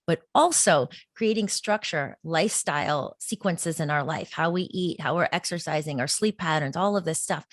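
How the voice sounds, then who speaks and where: A woman with a lower voice speaks earnestly and at an easy flow as a podcast guest, laughing now and then. The sound is dry and close, with no room behind it. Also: dry recording. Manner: earnest, flowing, laughs often. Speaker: podcast guest, meditation teacher. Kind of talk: casual interview talk.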